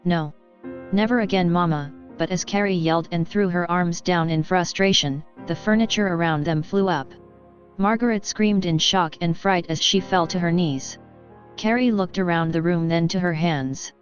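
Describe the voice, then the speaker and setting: A woman reading a fan story aloud as narrator in a plain, steady manner. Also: lowish voice, normal speed. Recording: dull lo-fi with faint music.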